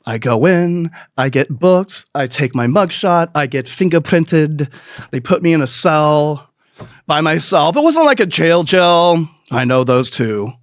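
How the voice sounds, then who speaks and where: A man's voice: a little high, animated, measured pace, no echo, clean studio sound. A man hosting a comedy podcast, telling crude, rambling stories in a profane, self-mocking way and laughing at his own jokes. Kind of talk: crude comic storytelling monologue.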